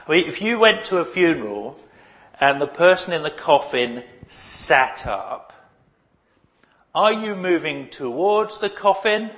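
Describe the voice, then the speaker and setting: A man's voice: a little high, a bit bright. A man preaching a sermon in a conversational, humorous, emphatic way.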